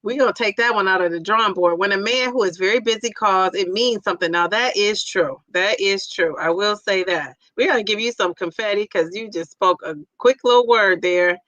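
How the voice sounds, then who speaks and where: A woman hosting a casual live chat stream, reading out viewer comments in a playful, excitable and teasing way. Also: mid-range voice, fairly quick, few pauses, no room sound, lo-fi sound.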